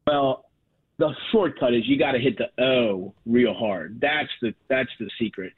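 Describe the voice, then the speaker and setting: A man rambles through a casual chat, joking at his own expense and restarting his sentences. He comes through a thin, tinny phone line. His pitch sits in an ordinary middle range. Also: measured pace, slightly rough. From Baltimore. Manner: rambling, self-deprecating, many fillers and restarts. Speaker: comedian guest.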